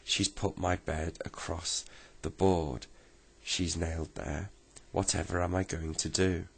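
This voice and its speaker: A man's voice: deep voice, flat delivery, takes it slowly, gravelly, slightly rough, heavily acted. A man doing an indignant storybook creature. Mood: dismayed. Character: indignant moon-faced male fairy-tale creature.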